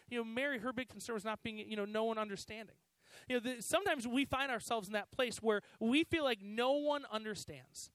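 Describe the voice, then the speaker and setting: A man's voice: very high-pitched, a bit bright, no room sound, low-quality recording. A man giving a conversational sermon to students, with frequent "you know"s and restarts. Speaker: youth pastor.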